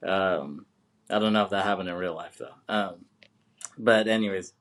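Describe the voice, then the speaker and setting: A man's voice: low voice, normal speed, fairly bright tone. A man co-hosting a podcast, casually recapping a film with lots of fillers and laughs. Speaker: podcast co-host.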